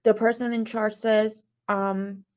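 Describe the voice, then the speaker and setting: A woman from Iran, a correspondent, casually retelling a written account aloud, often pausing on fillers and restarting her sentences. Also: medium pitch, flat delivery, a little mellow. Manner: hesitant, many fillers and restarts. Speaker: correspondent recounting a news story.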